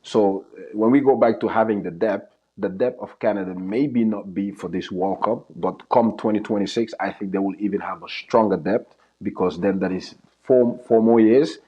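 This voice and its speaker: In lo-fi sound, a man who coaches soccer talks through a live match in a casual commentary chat, with a lowish, slightly rough voice at a moderate pace and few pauses. He's earnest and frequently restarts or repeats what he's saying.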